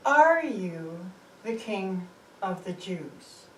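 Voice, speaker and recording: A woman's voice: medium pitch, big pitch swings, extremely slow, a bit bright, a little hiss or hum, full character voice. A woman voicing a stern, troubled governor. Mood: grave. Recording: roomy, distant mic, faint ambience.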